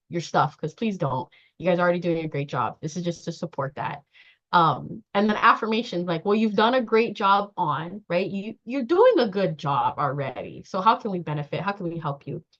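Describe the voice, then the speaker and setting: A woman leading a workshop training session, talking in a lively way, acting out quoted dialogue and laughing often. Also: fairly low pitch, normal speed. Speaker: trauma-informed care trainer. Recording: dull lo-fi sound.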